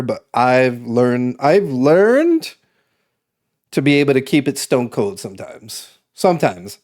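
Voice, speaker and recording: A young man from Massachusetts chats casually on a livestream in a mid-pitched voice. His talk rambles and restarts, peppered with swearing and easy laughter. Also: a little mellow. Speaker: streamer.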